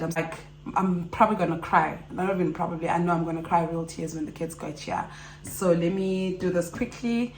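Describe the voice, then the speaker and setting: A woman's voice: fairly low pitch, a little hiss or hum. A woman in her thirties chatting casually to camera as a mom vlogger, often restarting her sentences. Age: 30s. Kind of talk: casual vlog chat. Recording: echoey room with background music.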